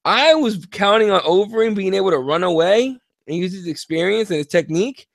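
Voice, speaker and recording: A tired man co-hosting a casual sports podcast, talking in a profane, animated and rambling way. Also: high voice, a little fast, creaky, dry recording, clean studio sound. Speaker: podcast co-host.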